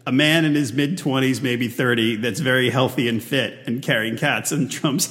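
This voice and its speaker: A man's voice: medium pitch, normal speed, few pauses, fairly bright tone. A man hosting a podcast in casual chat, giggling and tripping over his words. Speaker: podcast host. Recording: echoey room with long reverb.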